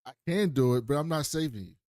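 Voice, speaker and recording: A man's voice: fairly high pitch, lively intonation, quick pace, darkish tone, no room sound. A man co-hosting a podcast in casual chat, blunt and profane, often correcting his partner. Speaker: podcast co-host.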